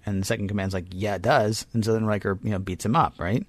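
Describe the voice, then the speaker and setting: A man co-hosting a podcast, recapping a story in a wry, quick way with asides. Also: fairly low pitch, steady tone, no echo. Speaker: podcast co-host. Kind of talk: casual chat and episode recap.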